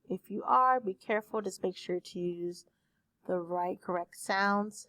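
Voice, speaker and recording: A woman speech teacher recording a lecture for her class on a desktop microphone, explaining terms slowly with examples. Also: fairly low pitch, fairly even intonation, fairly bright tone, no room sound. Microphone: desktop USB microphone.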